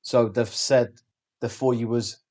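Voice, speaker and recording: Brummie bloke, normal pitch, asks questions and tells stories, relaxed podcast chat. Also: male voice, measured pace. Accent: Birmingham. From England. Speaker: podcast co-host. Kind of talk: casual chat.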